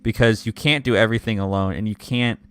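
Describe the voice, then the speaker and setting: Bright-voiced earnest young man. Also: fairly low pitch, fairly even intonation, fast talker, clear, resonant tone. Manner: earnest and enthusiastic. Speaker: podcast co-host. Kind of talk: casual fan review chat.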